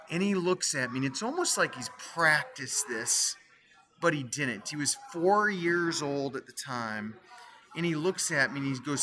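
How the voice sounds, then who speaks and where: Man, middle-aged, theology lecturer, bright tense tone, animated storytelling, asks listeners questions. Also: on the high side. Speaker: theology teacher.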